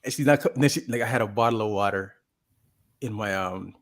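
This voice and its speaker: A man's voice: on the low side, fast talker. A man casually telling a long story on a podcast, rambling with lots of fillers and restarts and acting out what people said. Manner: rambling, full of "like" and restarts, acts out quotes. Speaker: podcast co-host.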